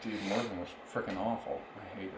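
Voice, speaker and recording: A man's voice: lowish voice, steady tone, quick pace. Laughing young man telling a story. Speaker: podcast co-host. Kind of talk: casual chat, storytelling. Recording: roomy, with faint background noise.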